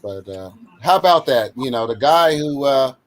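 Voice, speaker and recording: A man's voice: medium pitch, expressive, moderate pace. A man co-hosting a podcast in casual chat, joking crudely with a drawl. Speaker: podcast co-host.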